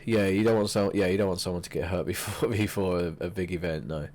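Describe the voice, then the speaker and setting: A man's voice: deep voice, steady tone, fast, crowd noise. A man co-hosting a casual wrestling podcast, exasperated and prone to stammering restarts. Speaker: podcast co-host.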